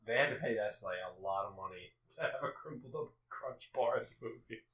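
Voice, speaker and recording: Animated man swearing through movie jokes. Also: on the low side, a little fast, reverberant, far from the mic, poor audio. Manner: laughing, profane banter. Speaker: riff track co-host. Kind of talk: casual joking movie commentary.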